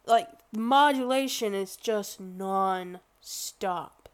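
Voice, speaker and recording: A woman vlogger giving casual, rambling music commentary, excitable and full of exclamations and restarts. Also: fairly high pitch, slow pace.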